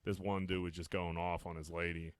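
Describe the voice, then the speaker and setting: A man's voice: low-pitched, little pitch movement, fairly quick, crowd noise. A man hosting a podcast, chatting in a laid-back way, with swearing and half-finished sentences. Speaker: podcast host. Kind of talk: casual podcast chat.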